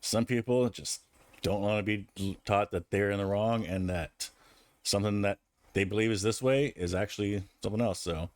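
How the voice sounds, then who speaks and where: A man's voice: on the low side, normal speed, dry recording. A man casually telling a rambling personal anecdote, with frequent restarts and fillers. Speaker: vlogger. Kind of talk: casual storytelling.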